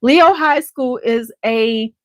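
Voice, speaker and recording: A woman with a Chicago accent hosting a beauty channel, chatting casually to her viewers in an animated, sassy way and jumping into high, exaggerated quoted voices. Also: takes it slowly, no echo. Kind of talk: casual chat to camera.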